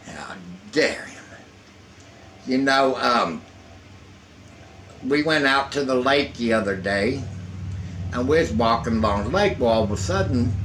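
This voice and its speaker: An older man with a drawl tells rambling, folksy jokes at an unhurried pace. His voice sits at an ordinary pitch, and there is a faint hum of noise behind him in the room. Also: a bit bright, rough recording. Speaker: storyteller. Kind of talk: casual folksy joke-telling. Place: indoors in a hot room.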